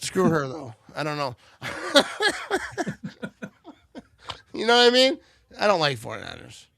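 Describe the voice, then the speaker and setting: High-voiced guy doing loud jokey play-by-play, a little buzzed, bright and dry sounding. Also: clean tone, no room sound. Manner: loud, joking play-by-play banter. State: tipsy. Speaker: livestream host. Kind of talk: live game watch-party commentary.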